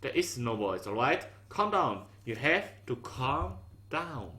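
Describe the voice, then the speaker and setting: A man voicing a frantic young man who pleads for calm and then breaks into yelling. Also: mid-range voice, slow, exaggerated voice. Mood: urgent. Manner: urgent, pleading, breaks into shouted repeated syllables.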